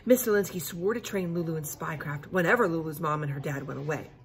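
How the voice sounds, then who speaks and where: A woman reading a children's book aloud expressively, pausing to explain the story to listeners. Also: sits low, slight background noise. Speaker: reader.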